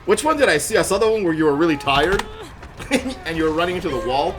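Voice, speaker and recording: A man streaming a horror game live, chatting with viewers and teammates, quick to laugh and yelp in surprise. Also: fairly high pitch, animated. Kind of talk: live gameplay commentary.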